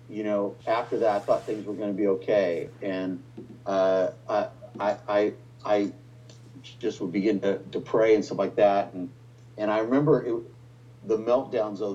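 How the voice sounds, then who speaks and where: Pastor, middle-aged man, low mellow voice, heartfelt halting testimony, dull lo-fi audio. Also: slight background noise. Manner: emotional storytelling with many restarts. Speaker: pastor, guest. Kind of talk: personal testimony in conversation.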